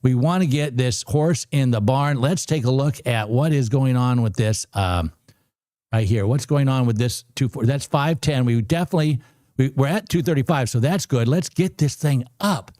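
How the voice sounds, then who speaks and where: A man in his sixties giving live commentary on a trading stream, excitable and repeating himself as he urges the market on. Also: medium pitch, moderate pace, no room sound, clean studio sound. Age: 60s. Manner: excitable, talks to the screen, repeats phrases. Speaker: livestream trading host.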